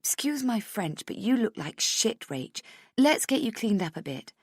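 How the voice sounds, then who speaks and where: A woman's voice: a little high, very animated, normal speed, darkish tone, slightly rough, no echo, studio quality, voice pushed up, full character voice. A woman voicing a motherly young female friend who soothes with pet names in an audiobook. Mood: brisk. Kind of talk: audiobook character voice.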